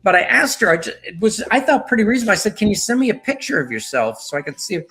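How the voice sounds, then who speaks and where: A man in his sixties, a guest telling rambling, lively stories in a casual interview. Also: rapid-fire, soft background music. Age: 60s. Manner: rambling storyteller with lively pitch.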